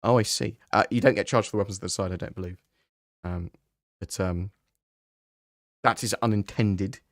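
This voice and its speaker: A man with a lowish voice, chatting through viewer questions on a live stream. He keeps it relaxed and conversational and thinks out loud before he lands on an answer. The sound is dry and close, with no room around it. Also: moderate pace, no echo.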